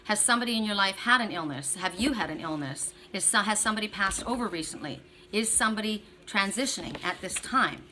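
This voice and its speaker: Bright-voiced woman giving an encouraging card reading. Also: mid-range voice, animated, brisk, few pauses, a little hiss or hum. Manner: chatty and encouraging, talks straight to the viewer. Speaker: tarot and oracle card reader. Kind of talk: oracle card reading for viewers.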